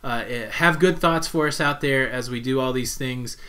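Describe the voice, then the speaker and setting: A man's voice: medium pitch, normal speed, bright, forceful tone. A young man co-hosting a casual live stream, chatty with lots of filler words, greeting viewers and reading their comments.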